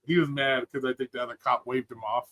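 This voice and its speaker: A man's voice: medium pitch, steady tone, quick pace, fairly bright tone. A man telling stories on a live stream in a casual, blunt and profane way. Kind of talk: casual storytelling.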